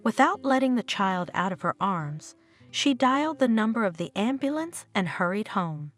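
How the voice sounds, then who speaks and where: A woman's voice: medium pitch, very animated, normal speed. A woman narrating a dramatic family story in a scripted storytelling style, over faint background music.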